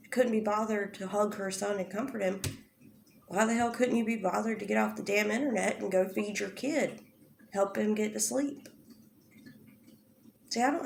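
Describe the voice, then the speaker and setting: Heated, gravelly-voiced woman ranting. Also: mid-range voice, darkish tone, slight background noise. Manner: confrontational, heated rhetorical questions, swears often. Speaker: drama commentary youtuber. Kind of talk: angry commentary rant. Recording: echoey room.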